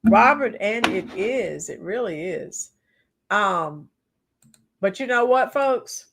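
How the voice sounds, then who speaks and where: A woman with a hoarse, cracking voice giving chatty, opinionated political commentary on a live stream and reading viewer comments. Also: medium pitch, animated. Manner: opinionated, chatty, sings song snippets slowly. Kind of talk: casual political commentary livestream.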